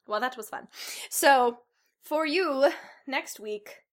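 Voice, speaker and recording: A woman's voice: high-pitched, takes it slowly. A woman co-hosting a podcast in a giggly, playful casual chat. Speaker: podcast co-host.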